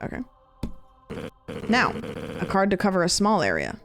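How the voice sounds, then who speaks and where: Woman, game streamer, chatty, thinking aloud, mid pitch, game music behind. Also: wildly swooping pitch, normal speed, fairly bright tone. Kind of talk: live gameplay commentary.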